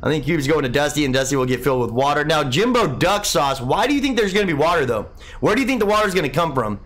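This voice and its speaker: A man's voice: fairly high pitch, animated, fast talker, fairly bright tone. A young man hosting a live game stream, casually rambling as he reads and answers viewer comments. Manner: laid-back, rambling, says "man" a lot. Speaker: livestream host.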